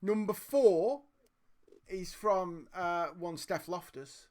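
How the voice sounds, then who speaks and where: Host, woman; measured pace, playful, steers the conversation. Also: fairly low pitch, darkish tone. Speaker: podcast host reading questions. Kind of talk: casual chat.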